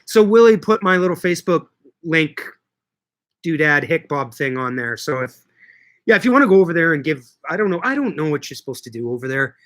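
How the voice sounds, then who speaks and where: A middle-aged man hosts a loose livestream, talking to his viewers and reacting to their comments. His voice sits a little high for a man and rings bright and forceful. He jokes around and swears offhandedly. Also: very animated, fairly quick. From Canada. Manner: chatty, joking, casually profane. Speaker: livestream host and market grower. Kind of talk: casual livestream chat answering viewer comments.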